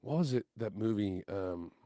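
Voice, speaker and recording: A man's voice: on the low side, normal speed, no room sound, clean studio sound. A man telling stories in casual podcast chat, acting out the voices in them and swearing casually. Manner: animated storyteller, acts out quotes, swears casually. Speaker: guest musician.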